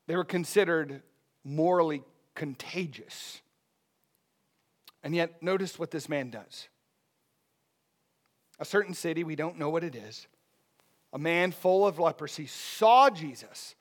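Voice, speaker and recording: A man preaching a sermon, his delivery dropping soft and then rising loud. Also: fairly high pitch, a little slow, pauses often. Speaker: pastor.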